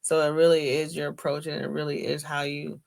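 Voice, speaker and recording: A woman's voice: low-pitched, little pitch movement, fairly quick, vocal fry, a little mellow. A middle-aged woman co-hosting a casual podcast chat, reflecting and giving advice in a rambling way with fillers. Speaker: podcast co-host.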